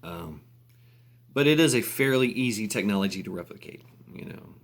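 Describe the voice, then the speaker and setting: Rambling, fairly low man ranting. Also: expressive, normal speed. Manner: rambling, with fillers, restarts and laughs. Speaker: vlogger. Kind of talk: casual rant.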